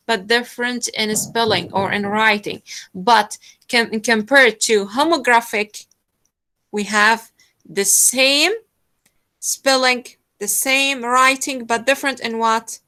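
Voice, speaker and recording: A woman's voice: fairly high pitch, pushed and bright. Hesitant woman teacher in class. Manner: hesitant, many fillers while explaining. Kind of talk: classroom lesson.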